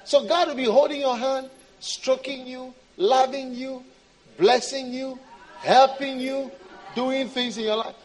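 A man's voice: extremely high pitch, steady tone, a little slow, poor audio. A man preaching a sermon in an emphatic, repetitive way.

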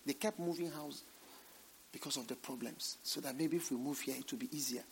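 A man preaching a sermon, swinging from hushed, near-whispered lines to loud, emphatic exhortation. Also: mid-range voice, brisk, in a large hall, a little hiss or hum.

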